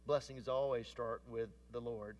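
A man preaching a sermon, rising to emphatic declarations and then dropping to hushed tones. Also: mid-range voice, steady tone, a little slow, recorded from a distance.

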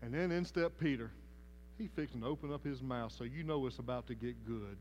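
A man with a Southern American accent preaching a sermon as pastor, telling the story in a folksy, animated way. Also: mid-range voice, normal speed. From Southern United States.

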